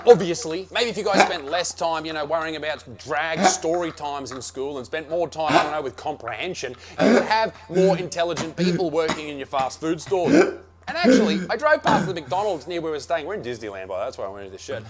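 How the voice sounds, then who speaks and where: A man's voice: a little high, expressive, fast, a crowd in the background. An Australian man delivering a comedic rant about his travels, brash and sarcastic, swearing freely. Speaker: comedian reviewing America. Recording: played from another video.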